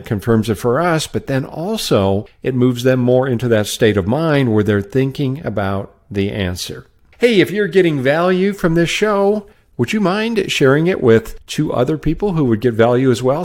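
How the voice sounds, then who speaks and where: A man's voice: mid-range voice, darkish tone. A middle-aged man hosting a solo sales-training podcast, upbeat and coaching.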